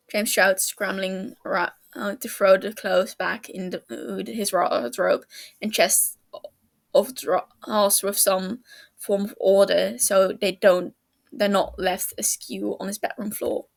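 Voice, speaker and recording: A woman reading fan fiction aloud, narrating the scenes in an even storytelling manner. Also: mid-range voice, slow, creaky. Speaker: podfic reader.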